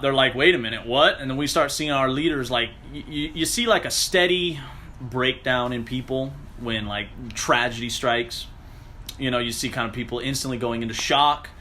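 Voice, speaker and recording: A man telling a story in a casual, animated way, swearing often and acting out what people said. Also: mid-range voice. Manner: animated, profane, acts out quotes.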